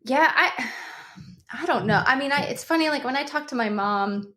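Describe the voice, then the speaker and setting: A woman in her thirties, an author and podcast guest, chatting casually with frequent laughter and quick agreement. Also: high-pitched, expressive, sharp tone.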